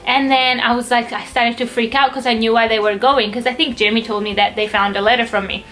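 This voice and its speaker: A woman's voice: fairly high pitch, fairly even intonation, fairly quick, fairly bright tone, soft background music, rough recording. A woman vlogger casually telling a personal story, chatty, acting out quotes from her family. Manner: chatty, lots of fillers and acted-out quotes.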